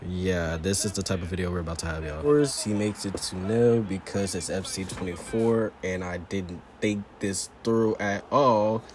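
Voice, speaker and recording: A young man giving casual, rambling commentary over his football video game, often saying "y'all" and "anyway", and getting excited over goals. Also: sits low, normal speed, hardly any pauses, a little hiss or hum. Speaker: gaming YouTuber. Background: background music.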